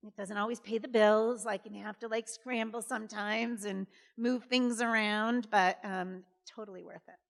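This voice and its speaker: A woman in her fifties speaks at a middle pitch, chatting through a story with plenty of fillers. She slips into lively voices for the people she quotes. The sound carries a long reverb from a large hall. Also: moderate pace, creaky, few pauses. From Massachusetts. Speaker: guest speaker, former governor. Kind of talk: conversational storytelling on stage. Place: college event hall.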